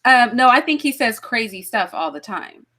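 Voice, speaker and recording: A woman's voice: a little high, lively intonation, normal speed, pushed and bright. A woman hosting a livestream talk show, chatting casually with guests and her live chat, laughing and thinking aloud as she goes.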